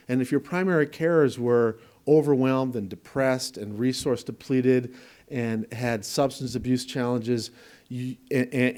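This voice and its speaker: A man's voice: mid-range voice, a little mellow. A man presenting to an audience in a room, explaining ideas conversationally with examples and asides, and repeating words for emphasis. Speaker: presenter at a training event. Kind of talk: conference lecture.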